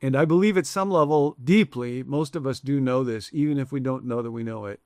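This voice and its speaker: A man's voice: mid-range voice, a little fast, warm tone, no room sound, clean studio sound. A man preaching a sermon in a conversational, reflective way, shifting his emphasis often. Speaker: pastor.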